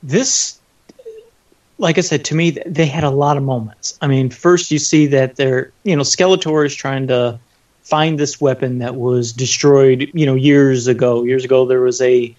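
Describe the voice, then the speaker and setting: A man's voice: mid-range voice, steady tone, moderate pace, a little mellow. A man co-hosting a casual podcast chat, eagerly retelling a story with some restarts. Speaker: podcast co-host. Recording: distant, dull lo-fi mic.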